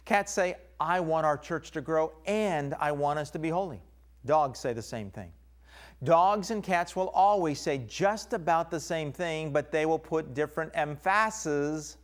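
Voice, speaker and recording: A man teaching a recorded Bible lesson, stressing key words as he explains. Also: fairly high pitch.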